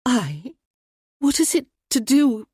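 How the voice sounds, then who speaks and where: Woman voicing a tart young gentlewoman. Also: sits high, sing-song, slow, husky, no echo, studio quality, voice pushed up, full character voice. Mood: indignant. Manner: poised, tart, spirited. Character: sharp-witted young gentlewoman.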